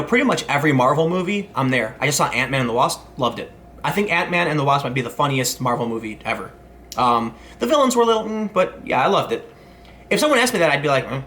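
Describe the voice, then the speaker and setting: A man in his thirties talks quickly in a casual commentary vlog. His voice is bright and forceful, and he rambles, often restarting his sentences and going off on asides. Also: fairly high pitch, animated, a little hiss or hum. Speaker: commentary host.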